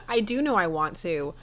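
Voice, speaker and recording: A woman's voice: on the high side, fairly bright tone. A woman streamer chatting casually and giggling as she plays through a dating game.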